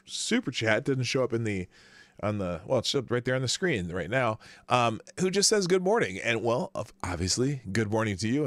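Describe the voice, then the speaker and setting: A man hosts a live morning stream, casually greeting chatters by name as he reads out viewer names, with rambling asides and self-corrections. His voice is fairly low in pitch with a fairly bright tone, and there's no echo.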